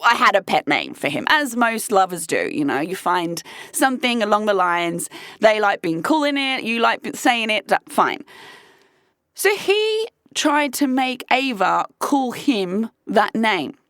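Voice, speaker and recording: A woman, a podcast host telling a story casually, animated and incredulous, swearing freely. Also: mid-range voice, measured pace, no echo, clean studio sound.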